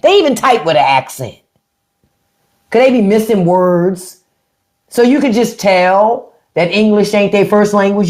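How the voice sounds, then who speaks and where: Middle-aged woman, livestream host; blunt, taunting delivery with a lively, animated pitch. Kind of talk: casual livestream talk.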